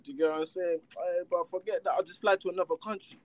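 Animated man with slang. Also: high-pitched, quick pace, no echo. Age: adult with children. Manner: animated, rhetorical, heavy street slang. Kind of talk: casual chat.

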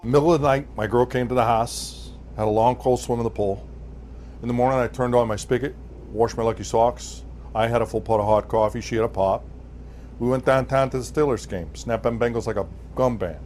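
A man's voice: mid-range voice, steady tone, a little fast, darkish tone, slight background noise, natural voice. An actor playing a chatty working-class man from Pittsburgh, with a heavy Pittsburgh accent, rambling through his day in local slang. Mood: easygoing. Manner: rambling, laid-back storytelling in local slang. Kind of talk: scripted film monologue.

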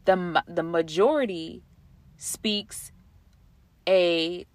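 A woman's voice: on the low side, no echo. A woman talking through her thoughts in a casual monologue, conversational and reflective, with frequent fillers and restarts. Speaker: podcast host.

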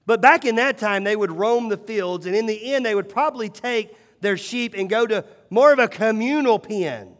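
A pastor preaching a sermon, moving between hushed, slow passages and rising, emphatic calls. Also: male voice, high-pitched. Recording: long hall reverb.

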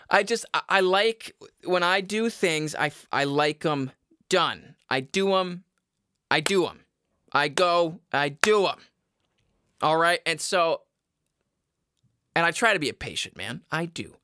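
A man's voice: high-pitched, bright, forceful tone, clean tone, no echo, studio quality. A young man hosting a podcast, talking in a casual, exasperated rant with swearing and frequent laughs. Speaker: podcast host. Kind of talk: casual ranting monologue. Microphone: headphones.

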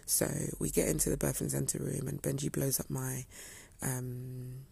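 A young woman with a low, husky voice and a gravelly edge, chatting to her viewers. She tells her story casually and slips into the voices of the people she quotes. The sound is close and dry. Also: flat delivery, measured pace, mellow, no room sound. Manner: chatty, acts out quoted dialogue. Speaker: vlogger.

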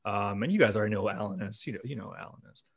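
A man's voice: fairly low pitch, racing, vocal fry, breathy edge. A man hosting a podcast in casual chat, laid-back and laughing often. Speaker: podcast host.

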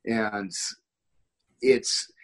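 A man's voice: very slow, a bit bright, low-quality recording. An American man in casual conversation, telling rambling anecdotes full of quoted dialogue and restarts. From United States.

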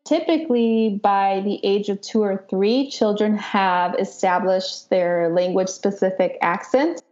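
A woman speech-language pathologist explaining accent development in a measured, explanatory way with frequent ums. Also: mid-range voice, darkish tone. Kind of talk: explanatory interview clip. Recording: dull lo-fi interview audio.

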